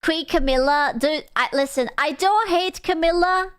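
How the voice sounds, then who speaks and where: A woman's voice: sits high, normal speed, no echo, studio quality. A young woman streaming, chatting casually with her viewers; she is crude, teasing and playful, and laughs often. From Europe. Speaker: VTuber streamer.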